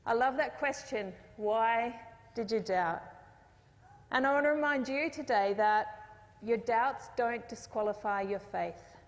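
Woman, fairly high voice, sermon, chatty storytelling, long hall reverb. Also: normal speed. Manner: conversational storytelling with jokes and asides. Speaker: preacher.

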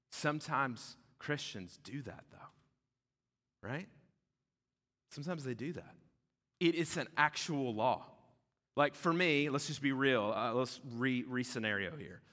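A man preaching a sermon as pastor, conversational and animated, often checking in with "right?". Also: medium pitch. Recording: echoey hall with long reverb.

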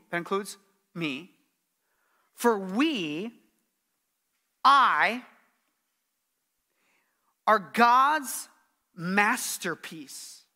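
A middle-aged pastor preaches a sermon earnestly and emphatically, repeating his key phrases. His voice sits high, with a bright, forceful tone.

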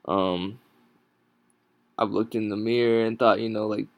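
A worn-out man talks through his podcast from home, his low voice halting and full of pauses and restarts. He sounds sleep-deprived and yawns often. The sound is dry and close, captured without a proper microphone. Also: steady tone, dry recording. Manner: halting, many ums and restarts, tired and yawning. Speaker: podcast host. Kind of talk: casual solo podcast talk. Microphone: no proper microphone, home recording.

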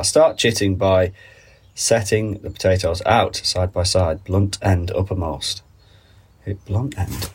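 A man with a very low, deep voice rambles casually through his podcast while nursing a cold. He talks into a phone in a greenhouse, tossing in wry asides, with faint birdsong and outdoor noise behind him. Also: expressive, darkish tone. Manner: chatty, wry asides, reads labels aloud haltingly. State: under the weather with a cold. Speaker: podcast host. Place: garden greenhouse.

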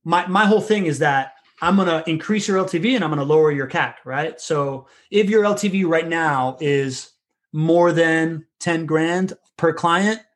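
A man in casual conversation who talks quickly and rambles through restarts, dropping the occasional swear word. His voice sits a little higher than most men's. He speaks as a business consultant.

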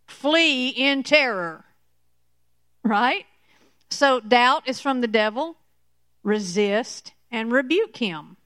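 Slow, smooth-voiced woman preaching. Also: fairly high pitch, a bit bright, no room sound. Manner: slow, emphatic, repeats "okay?" to the listener. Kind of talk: sermon teaching.

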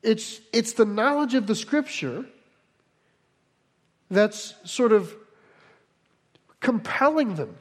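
A male pastor with a notably high voice, preaching in a loose, conversational way. He breaks off often for asides and explanations. His words ring with the long reverb of a big church hall. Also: sing-song, slow pace, long pauses. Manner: conversational teaching with frequent asides. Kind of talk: sermon.

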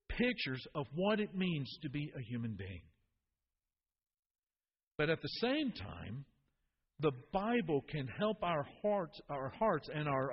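A male preacher delivering a sermon with a husky, slightly high voice. He speaks earnestly and often repeats words as he builds to a point. The recording sounds muffled. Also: in a large hall.

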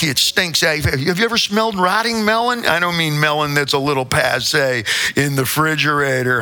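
Bright-voiced profane man in his sixties. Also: fairly high pitch, normal speed. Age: 60s. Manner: rambling, profane, riffing. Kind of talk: profane comic rant.

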